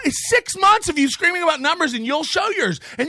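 A man hosting a comedy podcast, ranting in a mocking, profane way and often breaking into shouts. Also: very high-pitched, expressive, brisk, few pauses, dry recording, clean studio sound. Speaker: podcast host.

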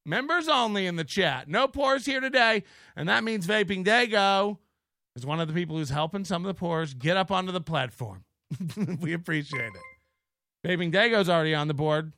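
A man's voice: high-pitched, sharp tone, no room sound, clean studio sound. A man hosting a live online show in casual commentary, profane and mocking, laughing often.

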